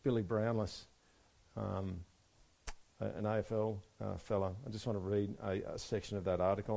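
A man preaching a sermon, moving between soft, quiet stretches and loud, emphatic passages. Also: on the low side, level tone, moderate pace, vocal fry. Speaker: pastor.

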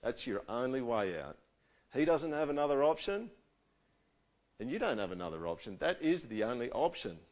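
Casual, animated male preacher. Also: mid-range voice, normal speed. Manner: casual and animated, with rhetorical questions to the audience. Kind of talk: conversational sermon.

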